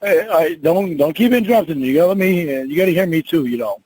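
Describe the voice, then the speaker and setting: Man, slightly high pitch, defensive, laughs easily, casual chat. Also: lively intonation, fast talker, a little mellow, a little hiss or hum, low-quality recording. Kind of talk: casual couple banter.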